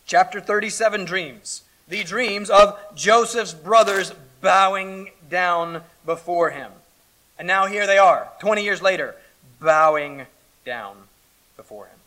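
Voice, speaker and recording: A man delivers a sermon in a bright, forceful voice that sits a little high. He reads scripture and then explains it in a conversational way. His delivery swings between loud emphasis and hushed asides. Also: takes it slowly. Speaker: pastor.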